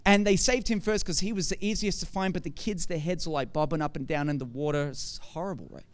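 A male preacher with a high, smooth, clear voice talks in a conversational way, often stopping to ask the room questions. He tells stories and then presses his points with rising force. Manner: conversational, asks rhetorical questions, grows forceful. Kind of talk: sermon.

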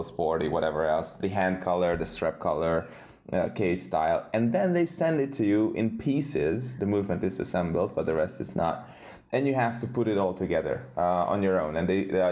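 Deep-voiced man in relaxed chat. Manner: relaxed, with filler hesitations. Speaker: podcast co-host. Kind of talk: casual chat.

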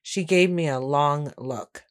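A woman reading a first-person story aloud in a steady, measured way. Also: deep voice. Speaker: audiobook narrator. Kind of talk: first-person scripted narration.

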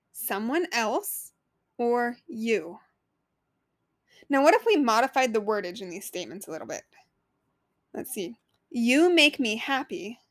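A woman's voice: fairly high pitch, no echo, studio quality. A woman in her thirties hosting a solo podcast as a life coach, talking earnestly and conversationally and asking the listener questions.

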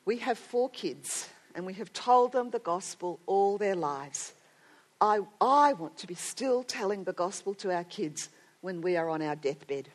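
A woman's voice: medium pitch, animated, unhurried. A middle-aged woman giving a sermon to women, telling a story earnestly and building to strong emphasis. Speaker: speaker at a women's gathering.

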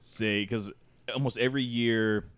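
Male co-host, low smooth voice, deadpan and wry, dry recording. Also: a little slow. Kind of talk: casual chat.

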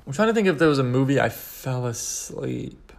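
A young man from Kansas hosting a solo podcast, rambling and sarcastic in an animated way. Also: medium pitch, moderate pace, creaky. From Kansas, United States. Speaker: podcast host.

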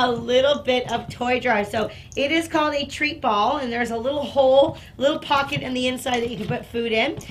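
A woman dog trainer explaining and demonstrating toys, breaking into excited praise for her dog. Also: slight background noise. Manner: upbeat, bursts into high excited praise for the dog.

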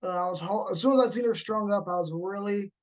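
A man hosting a casual horror podcast chat, animated and quick to act out scenes he describes. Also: high-pitched. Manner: animated, acts out movie moments with laughs. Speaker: podcast host.

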